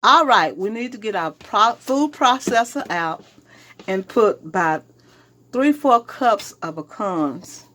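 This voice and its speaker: A woman's voice: medium pitch, animated, takes it slowly, noisy background. A woman with a Southern US accent hosting a casual cooking demonstration in her home kitchen, chatting to viewers as she works. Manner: chatty, addresses viewers as y'all. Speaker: home cooking show host.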